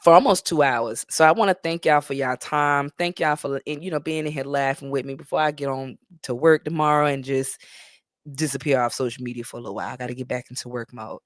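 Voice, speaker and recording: A woman's voice: rumbling low, fast talker, no echo, studio quality. A woman hosting a live stream, chatting and laughing with viewers. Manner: animated, laughs often, talks straight to viewers. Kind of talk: casual commentary chat.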